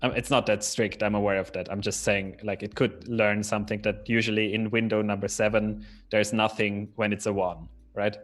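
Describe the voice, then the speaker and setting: A young man with a low, quite flat voice works through a technical idea on a live stream. He reasons tentatively, hedging as he goes. Faint music sits in the background. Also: normal speed, few pauses. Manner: reasons aloud, tentative and questioning. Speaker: co-host. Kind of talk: casual live-stream chat.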